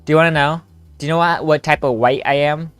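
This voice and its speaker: A man's voice: on the high side, steady tone, fast talker, fairly bright tone, smooth, dry recording. A young man streaming a story game with friends, joking, laughing and rambling in casual chat. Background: faint game music.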